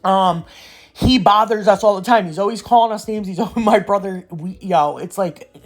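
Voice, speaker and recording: Young woman, casual chatty vlog voiceover, ranting storyteller. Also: medium pitch. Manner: rambling, ranting storyteller who says "y'all" and "yo". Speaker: nail art vlogger.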